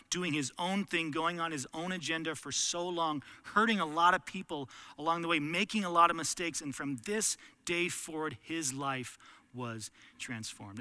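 A man's voice: on the high side, sharp tone, no room sound. A man preaching a sermon, earnest, rising to impassioned pleading as he voices prayers. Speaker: pastor.

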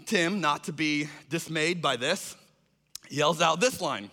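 A man's voice: fairly high pitch, slow. A man telling a funny personal story to an audience and acting out the people in it. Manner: animated, acts out other people's lines in raised voices. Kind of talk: storytelling talk. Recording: long hall reverb.

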